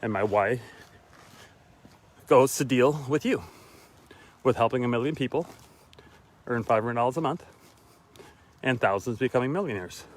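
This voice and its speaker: A tired, winded man talking casually while walking outdoors, repeating his key lines for emphasis with pauses. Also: medium pitch. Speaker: motivational vlogger. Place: outdoors on a walk.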